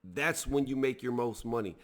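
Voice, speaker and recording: A man's voice: medium pitch, moderate pace. A man giving blunt, heated opinion commentary on a sports news story, talking casually to his viewers. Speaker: boxing video reviewer.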